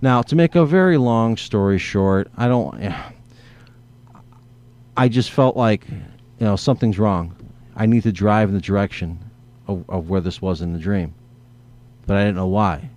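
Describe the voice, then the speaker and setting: Low-voiced man telling a long story. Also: a little slow, pauses often, darkish tone. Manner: rambling, restarts, acts out inner dialogue. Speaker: guest. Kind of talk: casual conversation.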